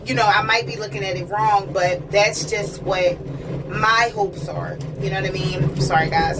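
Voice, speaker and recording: A woman's voice: medium pitch, fairly even intonation, unhurried. A woman talking in a casual personal vlog on a train, chatty and earnest, often checking in with "you know what I mean". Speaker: vlogger. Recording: distant mic with train noise.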